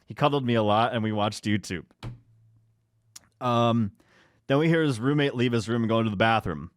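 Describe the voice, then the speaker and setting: This man co-hosts a podcast, reading posts and stories aloud and drifting into laughing asides. His pitch is medium and his speed normal, and the talk stays casual and chatty.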